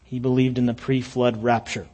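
A man's voice: medium pitch, little pitch movement, normal speed, warm tone. A man preaching a sermon, reading scripture aloud with emphatic rises and falls and dry humorous asides. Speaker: pastor.

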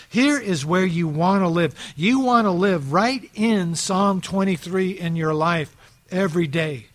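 Earnest pastor preaching, fairly high voice. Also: male voice. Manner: earnest, asks listeners rhetorical questions. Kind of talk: sermon.

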